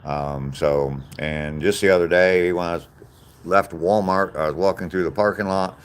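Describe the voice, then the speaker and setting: Speaking at a normal, smooth pace, this man has a low-pitched, steady voice. He's an older man from the South in a casual live-stream chat, plain-spoken and replying straight to viewer comments.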